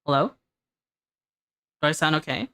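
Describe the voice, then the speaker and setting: A woman game streamer, a little congested, chatting excitedly with her live chat into a condenser microphone. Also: sits low, normal speed.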